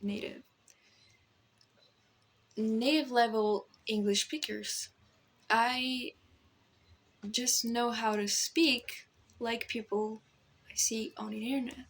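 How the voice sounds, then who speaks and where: Slow, halting Brazilian woman vlogging. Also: on the high side, fairly even intonation, fairly bright tone, husky. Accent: Brazilian, with American influencer tones. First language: Portuguese. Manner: rambling, self-deprecating, slow and halting. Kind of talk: casual self-talk to camera. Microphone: phone camera.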